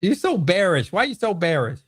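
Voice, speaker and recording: A man with an animated, bantering manner, hosting a casual livestream Q&A from home and answering chat comments. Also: high voice, fairly quick, breathy edge. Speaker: host.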